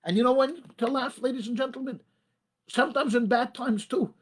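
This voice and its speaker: High-voiced, emphatic man giving a talk. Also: brisk, slightly rough. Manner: emphatic, repeats phrases, addresses the audience as ladies and gentlemen. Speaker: rabbi giving a talk on marriage. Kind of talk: motivational talk.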